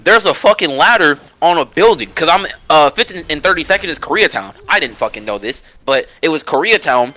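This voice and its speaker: A man telling a long personal story in casual podcast chat, animated and profane and full of slang. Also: on the high side, fairly quick, few pauses.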